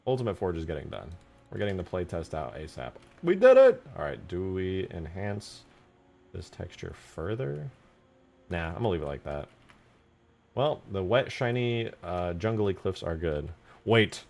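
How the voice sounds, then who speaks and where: A man's voice: low-pitched, expressive, normal speed, vocal fry. Hyper, jokey young man streaming. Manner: hyper, jokey, bursts into loud shouts. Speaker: livestream host and game modder. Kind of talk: casual livestream chat.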